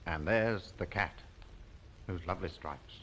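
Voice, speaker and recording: A man presenting a children's TV show, talking gently and slowly to young viewers and coaxing them to join in. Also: deep voice, slight background noise. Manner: slow, coaxing, sing-song, invites the viewer to join in. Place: television studio.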